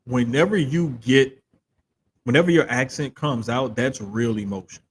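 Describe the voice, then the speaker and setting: A man with a Southern accent co-hosting a casual wrestling podcast, talking in an animated, drawn-out way. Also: medium pitch, slight background noise. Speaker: podcast co-host. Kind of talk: casual chat.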